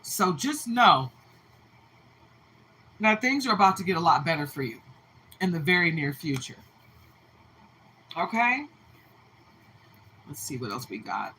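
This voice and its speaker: A woman's voice: lowish voice, a little slow, long pauses, a little hiss or hum, poor audio. A woman doing a casual, playful tarot reading at home. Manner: animated, playful, sings and laughs. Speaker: tarot reader. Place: home with dogs.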